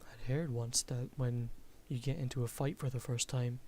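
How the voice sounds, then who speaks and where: A man's voice: medium pitch, steady tone, normal speed, dark tone, slight background noise. A man reading a visual novel aloud and commenting, self-deprecating and often restarting words. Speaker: game streamer.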